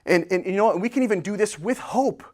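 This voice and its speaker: A man preaching a sermon as pastor, swinging from loud bursts to hushed whispers. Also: sits high, quick pace. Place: church sanctuary.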